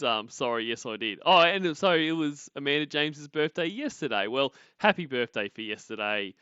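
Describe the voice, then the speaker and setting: A man's voice: medium pitch, sharp tone, smooth, no room sound, muffled recording. A man giving blunt, sarcastic commentary on a call, swearing and laughing often. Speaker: streamer reacting to a call recording. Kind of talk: casual commentary.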